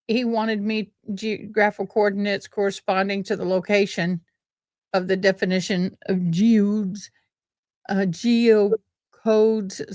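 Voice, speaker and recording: Slow, dry-voiced woman chatting. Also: mid-range voice, dry recording. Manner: rambling, exclaiming, self-interrupting. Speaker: livestream host. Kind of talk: casual livestream chat.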